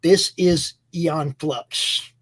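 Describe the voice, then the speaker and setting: A man hosts a casual chat with plenty of enthusiasm. He rambles, restarts sentences and fills gaps with ums. His voice sits a little higher than most men's. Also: fairly even intonation, very slow, a bit bright, husky, low-quality recording. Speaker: host. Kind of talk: casual chat about comic books.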